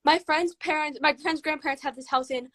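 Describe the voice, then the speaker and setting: A young woman, a guest on a livestream, tells a ghost story in a rushed, excited way, full of "like". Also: sits high, no room sound. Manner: excited, rushed telling with many "like"s.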